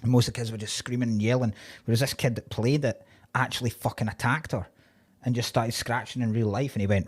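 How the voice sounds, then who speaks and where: Guy cohosting, laid back, tells stories, mid pitch voice. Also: fast talker, husky. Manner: relaxed storytelling, laughs easily. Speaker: podcast co-host. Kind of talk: casual chat.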